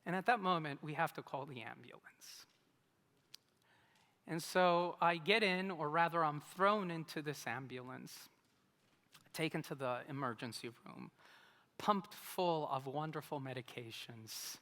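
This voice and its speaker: A man's voice: a little high, unhurried, bright, forceful tone. A man preaching a sermon as pastor, telling a personal story with humorous, self-mocking asides. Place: church sanctuary. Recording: reverberant church hall.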